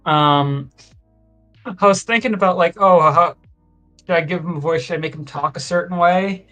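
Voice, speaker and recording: A man's voice: fairly high pitch, normal speed, bright, forceful tone, soft background music. Hesitant man groping for words. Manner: hesitant, searching for words with many fillers. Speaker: podcast co-host, artist. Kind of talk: casual chat.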